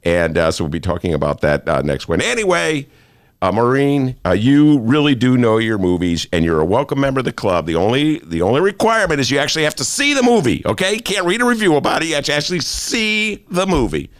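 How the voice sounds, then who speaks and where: A man's voice: medium pitch, big pitch swings, quick pace, dry recording. A man hosting a talk show in a studio, joking and self-mocking in a playful monologue. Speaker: host.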